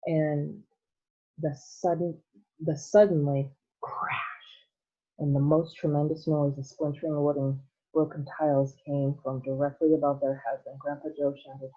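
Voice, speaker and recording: A woman teacher reading a children's novel aloud at a careful, measured pace, heard over a tinny phone-like line. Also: deep voice, level tone.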